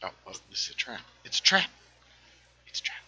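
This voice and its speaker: A man hosting a casual gaming livestream, chatting while he plays, reading viewer comments aloud and sometimes dropping into hushed asides. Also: a little fast, slight background noise, poor audio. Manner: lively, reads chat aloud, drops into hushed asides.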